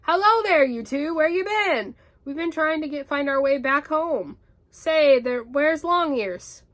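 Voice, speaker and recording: A woman voicing a loud, cheery male tiger who whoops and boasts. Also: high voice, expressive, measured pace, pitched above the performer's own voice. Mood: boisterous.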